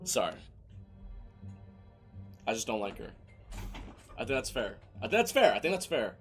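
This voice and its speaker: A young man commentating a game as a streamer, excitable and profane, breaking into shouted rants. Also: mid-range voice, brisk, soft background music. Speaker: gaming streamer. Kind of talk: let's play commentary.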